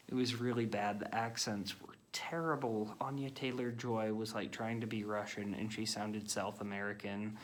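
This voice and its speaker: A man running through a long list of films in a casual vlog, giving blunt, rambling opinions full of fillers. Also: mid-range voice. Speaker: film reviewer.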